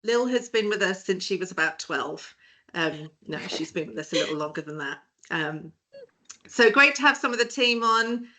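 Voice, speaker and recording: A woman's voice: lowish voice, expressive, normal speed, bright, forceful tone. A woman from Britain hosting a webinar as director of a small firm, chatty and jokey with many hesitations, heard over a video call.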